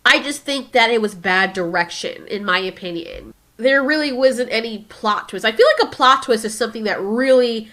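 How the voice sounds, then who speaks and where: Bright-voiced woman giving opinionated film commentary. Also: fairly high pitch, moderate pace. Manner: opinionated, animated, acts out dinosaur lines. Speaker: film discussion host. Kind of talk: casual commentary.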